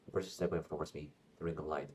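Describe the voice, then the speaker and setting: A man's voice: extremely low pitch, steady tone, very fast, darkish tone, slight background noise. A man streaming a game, reading its story text aloud and talking back to the characters with swearing and jokes. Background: game music.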